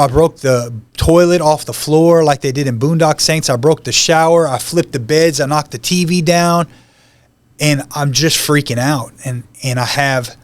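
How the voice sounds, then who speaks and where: Seated as a podcast guest, a man relates his personal testimony in plain, everyday speech at an ordinary middle pitch. He briefly performs what the people he met said, and there's no room sound in the recording.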